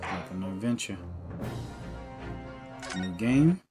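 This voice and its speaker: Low-voiced man hosting a let's play. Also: lively intonation, darkish tone. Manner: halting, stumbles over names, self-deprecating. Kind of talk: casual let's play commentary, reading game dialogue aloud. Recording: music playing behind.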